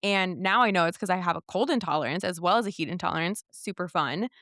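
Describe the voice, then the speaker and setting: A woman's voice: on the low side, fast, no room sound, studio quality. A young woman in a casual podcast conversation, candidly retelling her experiences and acting out what people said to her. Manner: candid, animated retelling with quoted dialogue. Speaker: podcast guest.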